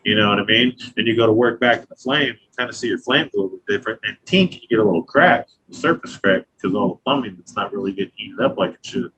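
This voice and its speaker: A man's voice: fairly low pitch, quick pace, few pauses, fairly bright tone, slightly rough, rough recording. Profane, easygoing man talking shop. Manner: profane, loose, storytelling with acted quotes. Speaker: glass artist guest. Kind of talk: casual interview talk.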